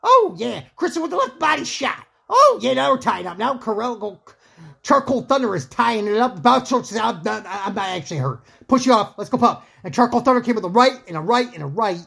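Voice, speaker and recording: A woman doing joking amateur play-by-play commentary on a fight, rambling, excitable and whooping. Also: on the high side, a little fast, creaky, breathy edge. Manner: rambling, excitable, whooping and laughing at her own jokes.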